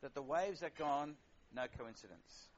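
A man's voice: fairly high pitch, expressive, normal speed, slight background noise. Middle-aged male preacher, casual wry sermon delivery with fillers, dull lo-fi sound. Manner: conversational, wry, with frequent fillers.

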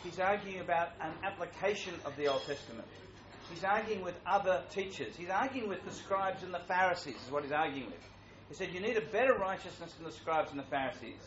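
A man's voice: high voice, slight background noise. Man preaching in a roomy church. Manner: conversational, animated, grows louder. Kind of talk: sermon. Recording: roomy, muffled church recording.

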